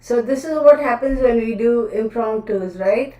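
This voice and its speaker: A woman's voice: on the high side, moderate pace, background noise. A woman hosting a casual livestream, chatty and scattered, often laughing at herself. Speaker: tarot livestream host. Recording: roomy, distant camera audio.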